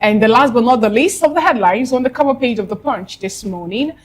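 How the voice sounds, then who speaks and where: A woman's voice: a little high, lively intonation, a little fast, slight background noise. A woman co-hosting a morning newspaper review, reading headlines and adding casual personal comments. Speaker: news show co-host.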